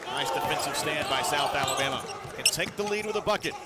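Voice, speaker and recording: A slightly high-voiced man calls a college basketball game live for radio, snapping out each pass and shot in short clipped bursts. His voice climbs steeply whenever a basket drops. Loud arena noise roars behind him, with balls bouncing on the court. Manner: rapid clipped play calls, rising sharply at big plays. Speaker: play-by-play announcer.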